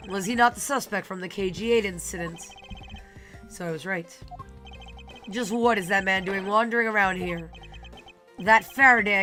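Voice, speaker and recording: A woman's voice: medium pitch, sharp tone, lightly acted. A woman reading as a scornful old prosecutor. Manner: haughty and scornful. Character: stern, arrogant older male prosecutor. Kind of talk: reading game dialogue aloud. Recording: game music behind the voice.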